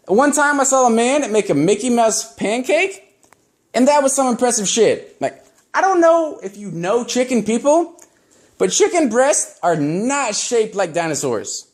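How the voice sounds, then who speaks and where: A young man doing a stand-up set, telling crude stories in a rambling, profane way. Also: very high voice. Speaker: stand-up comedian.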